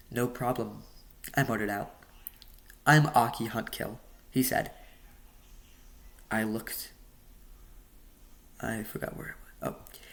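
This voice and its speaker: A man's voice: mid-range voice, a bit bright. A man reading his novel aloud casually, stumbling and adding joking asides. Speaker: audiobook reader.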